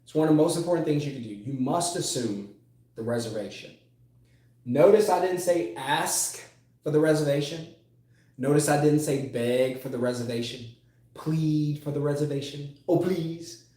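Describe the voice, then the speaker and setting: A man's voice: a little high, normal speed, mellow. A man teaching sales as a coach, emphatic, repeating key phrases and drawing out words for stress. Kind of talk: motivational sales lesson. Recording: echoey room.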